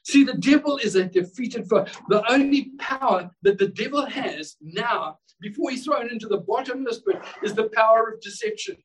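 Fervent high-voiced male preacher. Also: expressive, normal speed, hardly any pauses, recorded from a distance, poor audio. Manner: fervent, exclamatory, repeats words when building a point. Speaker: pastor. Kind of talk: sermon. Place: church service.

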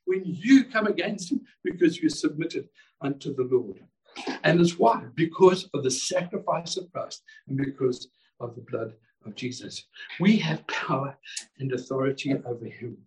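High-pitched guy preaching at church, all fired up, mic kinda far off. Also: animated, moderate pace. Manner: fervent, exclamatory, repeats words when building a point. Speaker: pastor. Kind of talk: sermon. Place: church service.

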